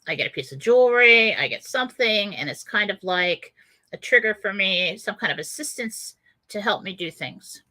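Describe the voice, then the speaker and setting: A woman hosting a radio show tells a personal story in a casual, chatty way. Her voice is bright and her pitch moves a lot. She laughs often and fills her pauses with "um". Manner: animated, laughing often, many fillers.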